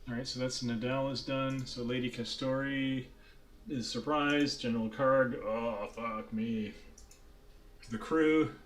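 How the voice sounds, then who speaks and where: A man's voice: medium pitch, fairly even intonation, measured pace. A man narrating as dungeon master, loose and swearing, laughing often, with faint hiss behind. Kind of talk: narrating a tabletop game.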